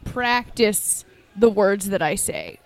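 A woman's voice: mid-range voice, animated, slow. A woman co-hosting a podcast, chatting casually and laughing at herself. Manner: self-deprecating, laughs often. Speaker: podcast co-host.

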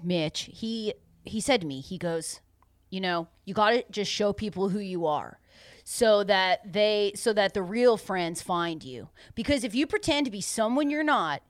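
A woman's voice: mid-range voice, no echo, studio quality, natural voice. A woman voicing a cheeky twelve-year-old boy podcaster who blurts things out, giggles and rambles. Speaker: podcast guest. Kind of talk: improvised comedy podcast.

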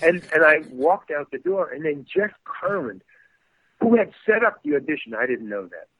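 With big swings in a fairly high, husky voice, this man moves at a moderate pace through a lively story, playing the guest actor in casual chat. Acting out quotes, he keeps stammering and starting over. No room sound comes through, and the audio is dry and phone-narrow.

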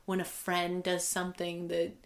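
A woman's voice: on the low side, completely flat delivery. Curious woman hosting a casual chat. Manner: curious, reactive, quick to laugh. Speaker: podcast host.

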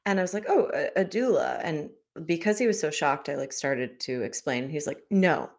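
A woman in casual chat, telling an animated story about a bad date and mimicking the man's lines. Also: deep voice, fairly quick.

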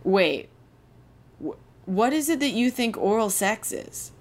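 A woman's voice: on the high side, animated, slow pace. A woman voicing her blunt teenage girl best friend within a story. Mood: puzzled.

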